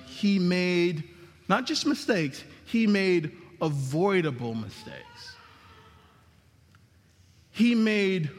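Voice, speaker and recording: A high-pitched man preaching with emphatic swings, dropping low on key words and rising sharply for emphasis. His voice rings with a long hall reverb. He delivers the sermon as a pastor. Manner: emphatic preaching with dramatic drops and rises in pitch.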